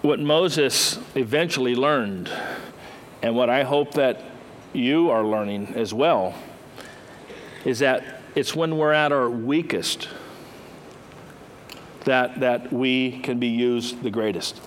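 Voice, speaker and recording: A man's voice: mid-range voice, slow, pauses often, slight background noise, rough recording. A man preaching a sermon in a conversational storytelling way, acting out the characters as he goes.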